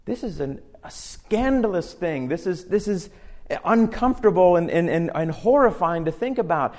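A male pastor with a notably high voice preaches with earnest conviction. He slows down to read scripture aloud and builds intensity as he drives his points home. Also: expressive, a little mellow. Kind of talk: sermon.

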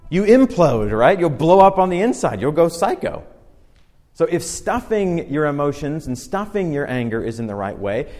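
A man's voice: fairly high pitch, a little mellow. Man preaching in a reverberant hall. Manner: conversational preaching, slows and stresses scripture quotes. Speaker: pastor. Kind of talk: sermon.

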